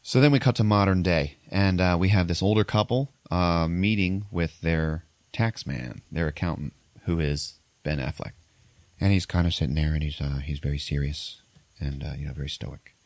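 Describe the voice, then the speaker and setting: A man's voice: low voice, normal speed, dry recording. A man hosting a podcast, casually retelling a movie's plot with lots of fillers. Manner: rambling, filler-heavy retelling. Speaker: podcast host. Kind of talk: casual chat, recapping a movie.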